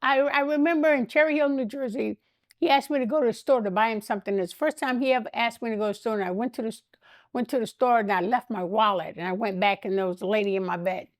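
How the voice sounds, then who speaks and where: An older woman, a guest in an interview, telling animated stories and acting out the voices of the people in them, often breaking into laughter. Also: fairly high pitch, fast talker, no room sound, clean studio sound. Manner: animated anecdotes, laughs often, acts out quotes. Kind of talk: storytelling interview.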